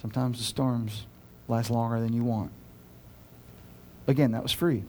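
A man's voice: medium pitch, moderate pace, pauses often, warm tone. A male pastor preaching a sermon in a casual, joking way, with playful asides and acted-out dialogue.

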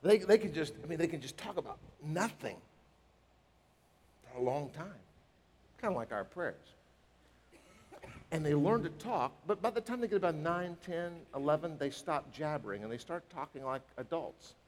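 A man preaching a sermon as a pastor, emphatic and animated, acting out bits of dialogue. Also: fairly high pitch, normal speed, long pauses, slight background noise. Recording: reverberant hall.

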